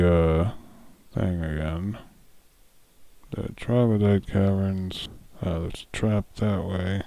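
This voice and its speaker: Man, solo dungeon master, thinking aloud, self-correcting, very low voice, dry close sound. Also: creaky, darkish tone, no echo. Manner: musing, self-correcting, chuckling often. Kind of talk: thinking aloud while running a game.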